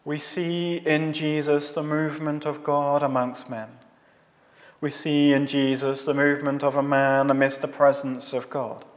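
A man preaches slowly and deliberately, his voice pitched a little high. He builds his points in long solemn rhetorical lists. The sound rings with the long reverb of a large hall. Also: flat delivery. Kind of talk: scripted theological sermon.

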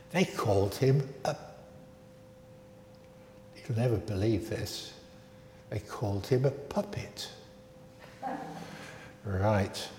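A man leading a church service, reading scripture and then speaking to children in a measured, expressive way. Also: medium pitch, slight background noise. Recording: echoey, reverberant large room.

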